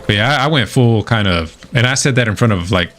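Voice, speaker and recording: A man's voice: lowish voice, animated, fairly quick, a bit bright, slight background noise. A middle-aged man streaming a video game, telling a long story in casual chat, swearing freely and restarting his sentences. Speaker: gaming streamer. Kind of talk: casual livestream chat over gameplay.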